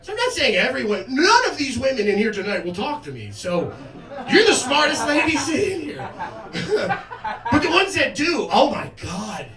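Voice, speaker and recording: A man in his twenties does a stand-up set, jovial, crude and self-mocking. His voice runs high and lively. The sound is roomy and distant, with a crowd laughing loudly behind him. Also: moderate pace. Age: 20s. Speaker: stand-up comedian. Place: comedy club stage.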